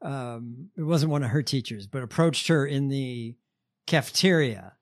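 A man hosting a podcast in casual chat, halting and wry. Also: medium pitch. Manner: halting, many fillers, wry. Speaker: podcast host.

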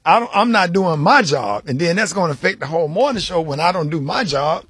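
A man's voice: on the high side, expressive, brisk, a bit bright, breathy edge, dry recording, clean studio sound. A man hosting a radio morning show, bantering with a caller and playing along as he spells out the caller's logic. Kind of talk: casual on-air banter.

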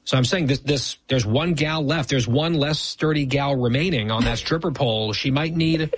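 A man's voice: medium pitch, moderate pace, husky, dry recording. A man co-hosting a show, teasing his co-host with dry sarcasm in casual banter. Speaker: podcast co-host.

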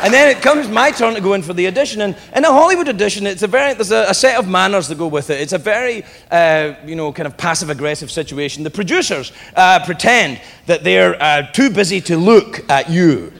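A Scottish man doing stand-up storytelling on stage, animated and mocking, slipping into put-on voices. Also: high-pitched, a little fast, gravelly, few pauses, long reverb tail. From Scotland. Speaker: stand-up comedian. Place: comedy club stage before a live audience. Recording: live stage recording with loud crowd noise.

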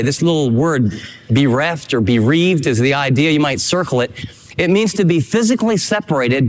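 A man delivers a sermon with emphatic, animated preaching. His voice sits high and leaps all over its range. Long reverb from a large hall trails behind each phrase. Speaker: pastor.

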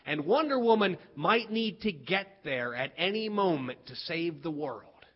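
A man voicing an earnest schoolboy who lays out a secret plan in a hushed, slow, conspiratorial way. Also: fairly high pitch, animated, slightly rough, pitched below the performer's own voice. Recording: dull lo-fi recording.

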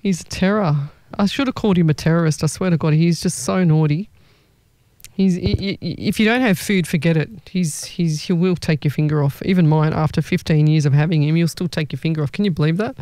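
Chatty woman, smooth dry voice. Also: sits low, fairly quick, warm tone, no echo. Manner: chatty, rambling, laughs often. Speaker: psychic medium. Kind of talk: casual live reading chat.

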